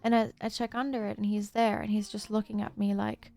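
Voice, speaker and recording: A woman's voice: mid-range voice, flat delivery, fairly quick, gravelly, dark tone. A woman livestreamer chatting casually, telling a rambling story with lots of fillers and restarts.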